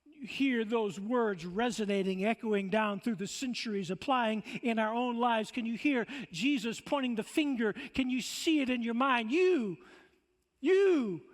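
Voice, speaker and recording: Man, pastor, sermon, very high voice, emphatic rhetorical questions, stammering restarts, long church reverb. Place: church sanctuary.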